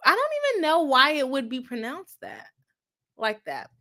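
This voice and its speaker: A woman's voice: high-pitched, huge pitch swings, normal speed, bright, forceful tone. A young woman, a lawyer hosting a livestream, chatting casually, reading viewer comments and laughing often at herself.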